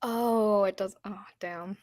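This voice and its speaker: A woman chatting on a video call in a relaxed, teasing way, swearing casually. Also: medium pitch, takes it slowly, no echo, clean studio sound. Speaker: booktube host. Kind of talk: casual chat.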